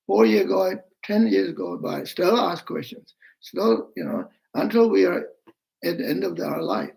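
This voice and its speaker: An older man giving a Buddhist teaching in halting non-native English, full of fillers and acting out the people he quotes. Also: on the high side, gravelly, darkish tone, rough recording. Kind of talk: dharma teaching.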